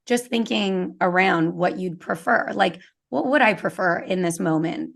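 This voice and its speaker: A woman's voice: lowish voice, measured pace, gravelly. A young woman with a Canadian accent, a guest in a casual interview, talking earnestly with many fillers and little acted-out quotes. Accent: Canadian English. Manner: earnest, filler-heavy, acts out quoted thoughts. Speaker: podcast guest, business owner.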